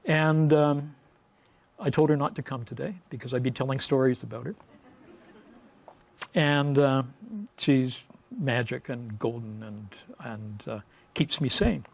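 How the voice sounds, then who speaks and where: Speaking at a medium pitch, a male professor lectures from a podium with humor, spinning wry anecdotes punctuated by playful sound effects.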